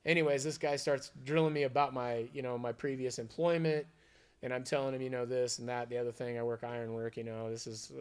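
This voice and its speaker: Profane, animated storytelling man. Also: fairly high pitch, clear, resonant tone. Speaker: podcast co-host. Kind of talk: casual storytelling chat.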